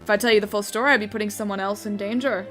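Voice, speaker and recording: A woman's voice: mid-range voice, steady tone, rapid-fire, a bit bright, faint music behind, natural voice. A woman voicing a sly fox con man with a fake Spanish accent. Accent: put-on Spanish accent. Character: scheming male fox con man posing as prince.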